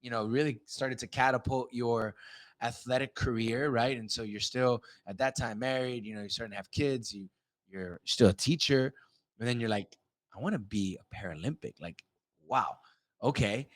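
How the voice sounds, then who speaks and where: A man hosting a podcast interview, talking in a relaxed way with many fillers. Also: medium pitch, normal speed, dry recording. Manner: relaxed, lots of fillers like "you know" and "right". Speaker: podcast host. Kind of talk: casual interview.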